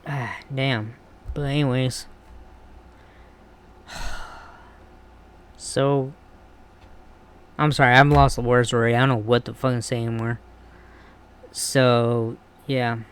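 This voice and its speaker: A man's voice: mid-range voice, flat delivery, takes it slowly, pauses often, a little hiss or hum. A man ranting bluntly and with heavy swearing in a casual wrestling commentary vlog. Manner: blunt, profane, heated ranting.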